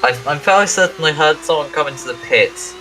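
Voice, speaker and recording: A man giving casual, joking commentary on a sim race, often halting and poking fun at himself. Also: on the high side, bright, forceful tone, slight background noise, poor audio. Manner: joking, self-deprecating, halting.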